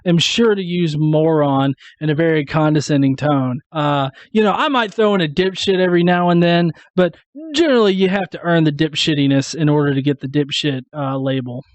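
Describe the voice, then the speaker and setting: A man's voice: fairly high pitch, brisk, dry recording. A man hosting a response video, ranting in a crude, sarcastic way and swearing constantly. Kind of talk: profane casual rant.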